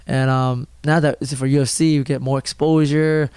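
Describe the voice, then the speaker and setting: A man's voice: mid-range voice, flat delivery, normal speed, darkish tone, clear, resonant tone, dry recording. A young man, a fighter, answering interview questions in a rambling, filler-heavy way at a gym. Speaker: mixed martial arts fighter.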